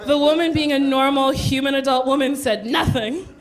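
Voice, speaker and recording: A woman's voice: high voice, normal speed. A woman telling brash, laughing stories in a stand-up comedy set, acting out voices, recorded live on stage. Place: comedy club stage before a live audience. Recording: live show with loud crowd laughter.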